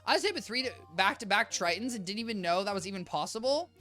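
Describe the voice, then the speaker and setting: A young woman streams a game from her apartment and rambles playfully at her chat. Her voice is bright and swoops up and down. Faint game music plays behind her. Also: medium pitch, animated, quick pace. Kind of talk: casual gameplay chatter. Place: home apartment.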